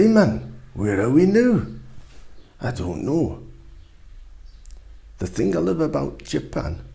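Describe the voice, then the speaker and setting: A man voicing a chatty, excitable male traveler. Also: mid-range voice, vocal fry, heavily acted.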